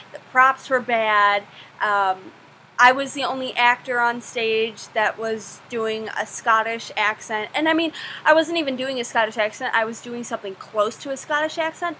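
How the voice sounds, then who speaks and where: A woman's voice: on the high side, pushed and bright, slight background noise, rough recording. A young woman answering viewer questions in a casual vlog, chatty and self-deprecating, gushing about things she loves.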